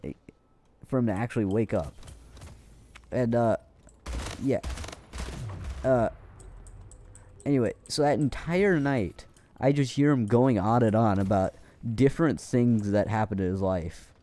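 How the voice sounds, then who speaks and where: A man's voice: medium pitch, unhurried, pauses often, warm tone. A young man casually telling a rambling, profane story with lots of restarts, as a streamer.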